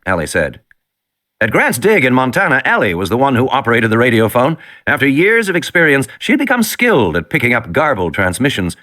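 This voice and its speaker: A man reading an audiobook in an expressive, dramatic narration. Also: medium pitch, fairly quick.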